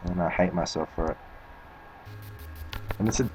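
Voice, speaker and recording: A man's voice: low-pitched, lively intonation, fairly quick, long pauses, music in the background, low-quality recording. A man with an Australian accent, a speedrunner chatting casually and rambling with plenty of swearing while he plays. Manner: rambling, swears a lot, laughs at himself. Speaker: speedrunner streaming. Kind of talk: casual commentary while playing.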